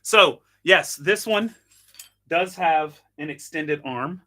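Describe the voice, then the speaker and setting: Host, male, tinkering on camera, bright tense voice; loose, self-mocking chatter. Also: on the high side, slow pace. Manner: chatty, self-deprecating, thinks aloud while tinkering. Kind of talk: casual live product demo.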